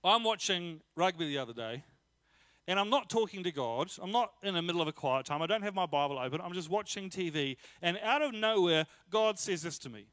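A man preaching a casual sermon, telling personal stories in a lively, joking way. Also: high-pitched, a little fast, dry recording, studio quality. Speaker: pastor.

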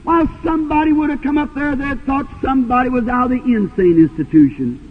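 A man preaching a sermon, telling a story with fervor and sometimes breaking into shouts. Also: very high voice, fast talker. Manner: fervent, rises to shouts. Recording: tinny old tape in a hall.

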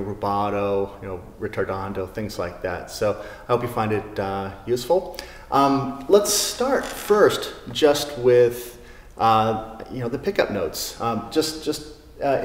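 A man giving a casual guitar lesson in a showroom, talking in a relaxed way with many fillers. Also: mid-range voice, roomy sound, in a large hall. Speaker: guitar teacher. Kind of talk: casual spoken music lesson. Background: classical guitar playing.

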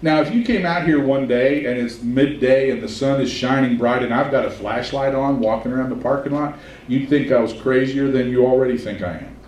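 A male pastor delivering a sermon, a folksy storyteller who slows down for emphasis. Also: mid-range voice, darkish tone, a little hiss or hum. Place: church sanctuary. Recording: roomy church sound from a distance.

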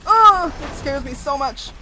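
A young woman streaming live, her voice high and leaping wildly between squeals and low mutters. She talks in an unhurried way between panicked cries and curses. Game music plays clearly behind her. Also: very noisy. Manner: panicky shrieks and pleading, swearing, laughing. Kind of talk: live gameplay commentary. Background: game music and sound effects.

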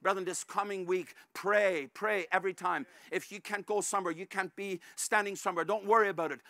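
Fervent high-voiced male pastor preaching. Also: steady tone, brisk, dry recording. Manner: fervent, repeatedly calls out "brethren"; rises to shouts at climaxes. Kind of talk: sermon.

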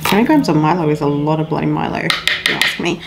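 A woman's voice: sits low, quick pace, gravelly, heavy background noise. A woman chatting casually to her viewers while cooking in a home kitchen, rambling with friendly asides. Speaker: vlogger. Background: music.

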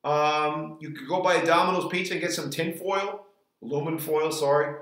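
A man's voice: on the high side, steady tone, fairly bright tone. A man in his forties reviewing a frozen pizza in a casual vlog, rambling and restarting his sentences. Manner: rambling, halting, restarts often. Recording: roomy echo.

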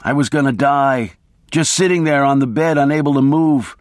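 A man reads a novel aloud in the first person at a measured, steady pace. His voice sits at an ordinary middle pitch, and the recording is close and dry. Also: no room sound. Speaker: audiobook narrator. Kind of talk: first-person audiobook narration.

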